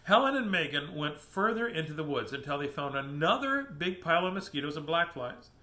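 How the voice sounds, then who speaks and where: A man reading a children's picture book aloud, animated and chuckling at the pictures. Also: a little high, fairly quick. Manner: animated, chuckling asides to the listener.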